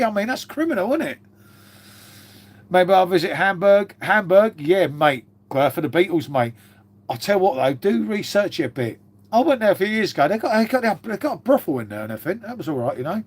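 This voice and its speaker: This is a middle-aged man with a voice a touch higher than most men's. He rambles through a casual live stream, calling everyone mate and swearing freely. He is unwell and has a lingering cough. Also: darkish tone. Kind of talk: casual live-stream chat reading viewer comments.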